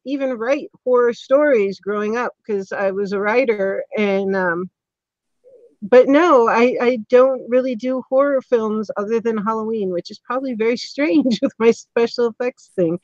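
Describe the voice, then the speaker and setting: A woman hosts a casual online interview, speaking in a somewhat high voice. She rambles, filling gaps with ums and restarting sentences. The audio is dull and lo-fi, with a dry, close sound. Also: darkish tone, no room sound. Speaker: host.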